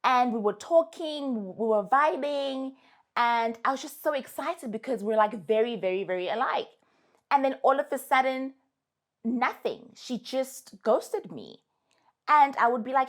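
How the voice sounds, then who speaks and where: Her voice sits high and her pace is a little slow as she addresses her followers. A young adult with a South African English accent, she dispenses casual, emphatic advice with animated sass.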